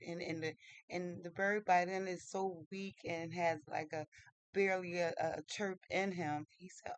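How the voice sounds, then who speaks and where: A storyteller retelling a fairy tale casually, halting, with many fillers, restarts and loose informal grammar. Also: medium pitch, fairly even intonation, no echo, low-quality recording.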